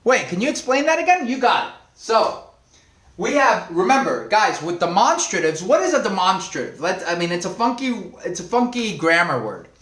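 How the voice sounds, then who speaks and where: A man leads a live online Spanish lesson with a playful, animated manner, reacting to viewers' comments as he goes. His voice sits high and swings widely in pitch while he speaks at an unhurried pace. The recording carries a noticeable room echo. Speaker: Spanish teacher. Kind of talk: live online language class.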